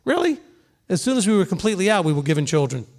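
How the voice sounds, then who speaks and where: A middle-aged male pastor with a notably high voice preaches in a plain, conversational way. He talks earnestly and keeps checking in with his listeners with a quick "okay?" as he teaches. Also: sing-song, darkish tone. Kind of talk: sermon.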